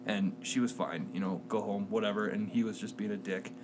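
A man's voice: on the low side, fairly even intonation, fairly quick, background noise. A man co-hosting a podcast, telling stories in casual chat and laughing often. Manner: rambling storyteller, laughs often. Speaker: podcast co-host. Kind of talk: casual chat among friends.

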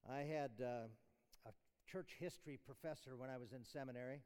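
A man's voice: mid-range voice, a little fast, a little mellow, clean tone. A middle-aged man giving a chapel sermon, explaining scripture in an earnest, teaching way with restarts and small chuckles. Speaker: chapel speaker. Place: university chapel hall. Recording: reverberant hall.

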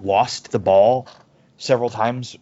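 A man co-hosting a casual soccer podcast, talking in a halting way with many restarts and fillers. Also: medium pitch, fairly even intonation, warm tone. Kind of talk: casual sports chat. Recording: dull lo-fi audio.

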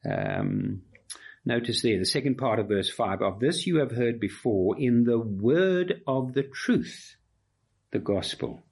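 A man's voice: medium pitch, big pitch swings, slow, gravelly, a little mellow, breathy edge. A man preaching an expository sermon, emphatic and fond of rhetorical repetition.

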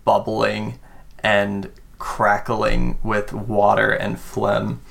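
A man running a tabletop game, narrating a horror scene slowly and deliberately, with many fillers. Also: lowish voice, monotone, gravelly, fairly bright tone. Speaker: game master.

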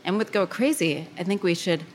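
A woman's voice: lowish voice, animated, fairly quick, a little hiss or hum. A woman guest on a podcast chatting casually, loose and profane, full of "like" fillers. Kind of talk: casual chat.

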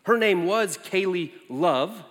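A man in his forties preaching as a guest, telling lively family stories with animated quotes of his child. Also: high voice, slow pace. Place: large church sanctuary. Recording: echoey large hall.

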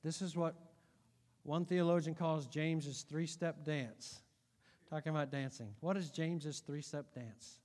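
A middle-aged man preaching a sermon as pastor, animated, dropping to a hush and then shouting. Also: a little high, normal speed. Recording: long hall reverb.

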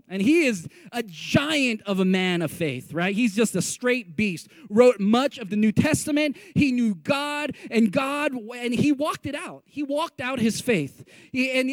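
A man preaching a sermon in a lively, conversational way, joking with his audience and prompting them to repeat phrases back to him. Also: very high-pitched, a little slow, no room sound. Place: meeting room with a live audience.

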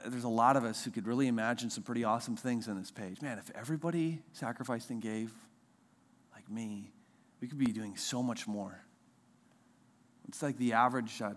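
Male pastor, 30s, casual animated sermon delivery, average pitch, jumps high for quoted voices.

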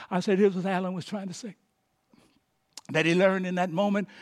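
A male pastor preaching a sermon, dropping to hushed tones and rising to shouted peaks, with frequent "come on now" asides. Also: sits high. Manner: swings from hushed whispers to shouted climaxes.

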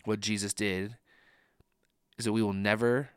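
Earnest young pastor, smooth low voice. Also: male voice, level tone, a little slow, no room sound, studio quality. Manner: conversational, earnest, frequent "like" fillers. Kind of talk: sermon.

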